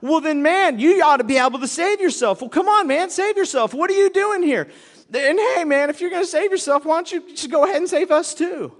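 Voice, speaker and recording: A man's voice: extremely high pitch, fairly quick, pitched above the performer's own voice. A man putting on a taunting criminal con man. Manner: taunting, needling, sarcastic. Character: mocking male criminal con man on a cross. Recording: long hall reverb.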